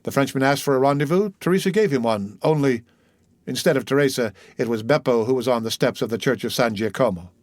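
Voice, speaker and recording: A man's voice: medium pitch, fast talker, dry recording, studio quality, close to an everyday voice. A man reading an audiobook, voicing a bandit messenger who speaks with deferential respect and gratitude. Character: grateful, devoted male bandit messenger.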